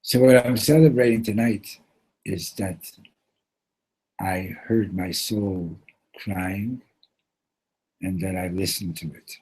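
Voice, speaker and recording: A man at a yeshiva gathering retelling a Hasidic story in a heartfelt, animated way, mixing in Yiddish and Hebrew words. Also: deep voice, slow, long pauses, slightly rough, rough recording.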